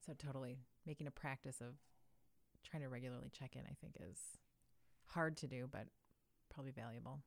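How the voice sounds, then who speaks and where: A woman's voice: extremely low pitch, fairly even intonation, brisk, gravelly, long pauses. A woman co-hosting a podcast in casual conversation, chatty and self-deprecating, with plenty of fillers. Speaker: podcast co-host.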